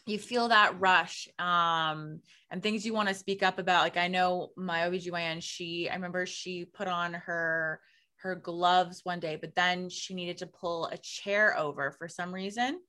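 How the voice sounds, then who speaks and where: Woman host, low-ish and bright, thoughtful conversational delivery. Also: fairly even intonation, moderate pace, smooth. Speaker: podcast host. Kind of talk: casual conversation.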